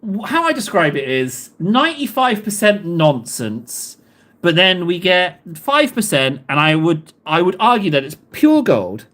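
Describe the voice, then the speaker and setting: A man's voice: high voice, very animated, measured pace, fairly bright tone. A man, chatting casually with live viewers in a rambling, self-deprecating way. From England. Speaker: livestream host.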